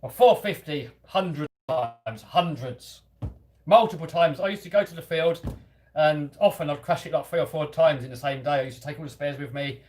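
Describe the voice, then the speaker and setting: Over a little hiss or hum, a slightly high, somewhat mellow male voice talks at normal speed. The speaker, an Englishman hosting a hobby channel stream, has a lightly Cockney London-area accent and chats casually, poking fun at himself while reading out viewer comments.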